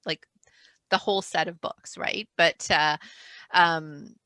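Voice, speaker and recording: Author lady on a video call, rambles and restarts a lot, bright edge, dry mic. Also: low voice, steady tone, slow, clear, resonant tone, no room sound. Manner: chatty, self-interrupting, laughs often. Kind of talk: casual chat.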